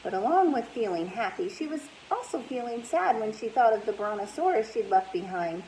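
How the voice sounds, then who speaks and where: Animated woman reading a storybook aloud. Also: fairly high pitch, a little fast, a little hiss or hum, poor audio. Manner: animated, asks listeners questions.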